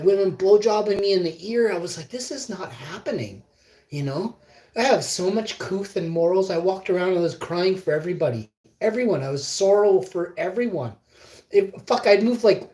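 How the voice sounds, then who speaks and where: A man's voice: high-pitched, a little mellow. A man livestreaming a long, meandering monologue of stories, swearing and trailing off mid-sentence. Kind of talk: rambling anecdotal monologue. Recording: roomy echo.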